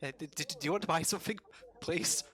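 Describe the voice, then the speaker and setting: A man's voice: fairly high pitch, fast talker, fairly bright tone, soft background music, pitched above the performer's own voice, natural voice. A man voicing a harried, polite female shopkeeper who stammers when flustered.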